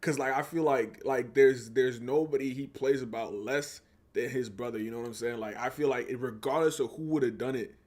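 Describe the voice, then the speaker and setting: A man's voice: medium pitch, moderate pace, a little mellow. A man co-hosting a podcast, talking about a film in a laid-back, rambling way full of fillers. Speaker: podcast co-host. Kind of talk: casual chat.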